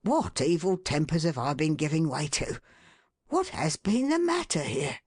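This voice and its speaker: A woman voicing a middle-aged working-class husband in an audiobook, slow and muttering. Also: sits low, sing-song, darkish tone, slightly rough, dry recording, clean studio sound, exaggerated voice. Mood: remorseful. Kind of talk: audiobook character voice.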